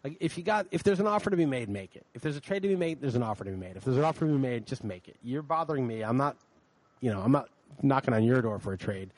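A man's voice: mid-range voice, fast talker, poor audio. A man co-hosting a podcast, ranting in casual chat with frequent swearing. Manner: animated, profane ranting. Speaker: podcast co-host.

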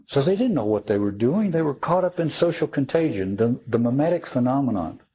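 A man's voice: medium pitch, big pitch swings, brisk, mellow, husky, muffled recording. A man giving a reflective spoken talk on theology, thoughtful and wry, often restarting his sentences. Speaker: speaker on theology.

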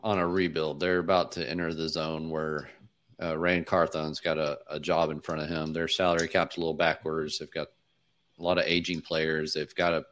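Brief: male podcast host, very low voice, measured and hedging. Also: little pitch movement, a bit bright. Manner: measured, thinking aloud with hedging. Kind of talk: casual podcast chat.

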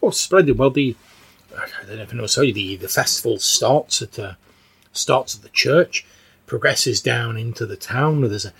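Guy doing a breathless old lady, stammers over every word, gravelly husky voice pushed up high. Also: moderate pace, a bit bright, heavily acted. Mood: eager. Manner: stammering, repeating words, breathless. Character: frail old female churchgoer, fussy and flustered.

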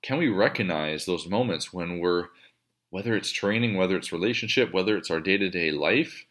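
Low-voiced casual male coach. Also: moderate pace, a bit bright. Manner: conversational, profane, acts out inner thoughts. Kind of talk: casual explanatory talk.

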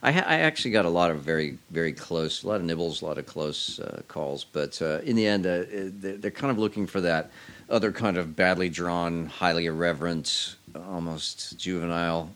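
A man with a fairly low voice, chatting as a guest in an interview. He tells his story in a loose, rambling way with a wry edge. He often stops and restarts his sentences. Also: fairly quick, a bit bright. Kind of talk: casual storytelling chat.

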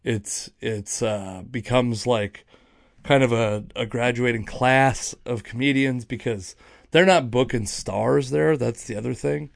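Speaking at a measured pace with vocal fry, this medium-pitched young man is a Seattle-area stand-up comedian and podcast host. He tells road stories in a casual, rambling monologue, mocking himself and restarting often, on a dry, studio-quality recording.

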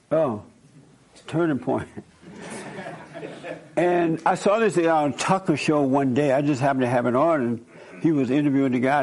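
A man's voice: a little high, a little mellow, low-quality recording. A man who works as a counselor, telling stories in a casual, emphatic way and acting out both sides of conversations. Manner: emphatic, repetitive, quotes himself and others in dialogue. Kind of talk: informal storytelling talk.

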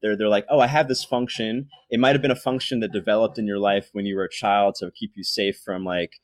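A man's voice: fairly low pitch, no echo. A young man hosting a podcast, explaining ideas in a rambling casual monologue full of fillers and restarts. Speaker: podcast host.

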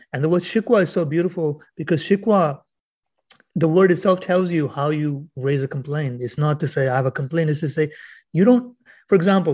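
A man, a guest author on a podcast, explaining in a casual, animated storytelling way and acting out the voices he quotes. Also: fairly high pitch.

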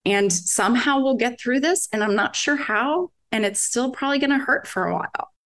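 A woman's voice: on the high side, moderate pace, a bit bright. A woman in her forties, a mother talking earnestly in casual conversation, rambling with restarts and many fillers. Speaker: podcast guest, mother.

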